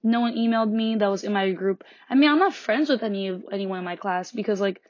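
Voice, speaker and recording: A teenage girl, a high school student, venting about school in a frustrated, sarcastic rant, swearing and laughing between lines. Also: fast talker, darkish tone, dry recording, dull audio. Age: teens.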